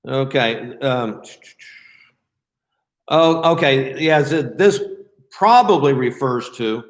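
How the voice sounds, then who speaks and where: A man leading a Bible study in a casual, conversational way, often pausing with fillers and restarting his sentences. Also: medium pitch, lively intonation, reverberant.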